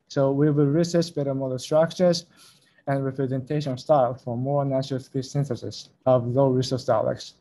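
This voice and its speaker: Man presenting a research talk, mellow voice. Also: medium pitch, rough recording. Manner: careful, reads out acronyms letter by letter. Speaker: conference presenter.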